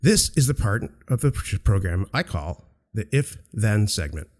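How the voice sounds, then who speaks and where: A man's voice: fairly low pitch, big pitch swings, a little slow, a little mellow. A man co-hosting a casual radio-style show, giving emphatic instructions and teasing his co-host. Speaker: podcast co-host. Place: outdoors near a beach.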